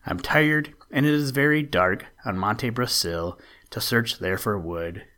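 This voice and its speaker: A man's voice: mid-range voice, measured pace, sharp tone. A man voicing a tired, brave little boy in a read-aloud storybook, speaking plaintively. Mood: weary. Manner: weary, plaintive.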